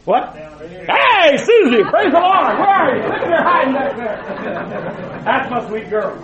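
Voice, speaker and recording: An older man preaching a fiery, folksy sermon in a church, swinging from shouted lines to low asides. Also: very animated, measured pace. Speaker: pastor. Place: church sanctuary with congregation. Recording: muffled, echoey church recording with crowd.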